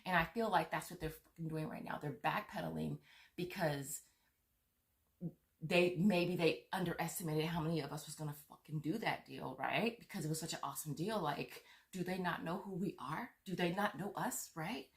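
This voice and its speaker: A furious woman vlogger rants straight to her viewers, swearing, stammering and circling back to the same complaints. Her voice sits a little low and carries a gravelly fry. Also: normal speed. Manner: heated, profane, repeats herself, stammers. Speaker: vlogger on money-saving apps. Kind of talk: angry rant to viewers.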